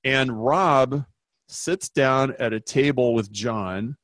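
A man, a business consultant guest, telling a story in an interview with emphatic, animated delivery. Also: mid-range voice, slow pace, dry recording. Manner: animated, emphatic, acts out quoted voices.

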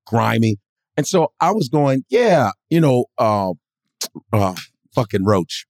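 A male comedian guest telling a story in a casual podcast chat, expressive and profane. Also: mid-range voice, slow, no echo, studio quality. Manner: expressive, profane, acts out characters.

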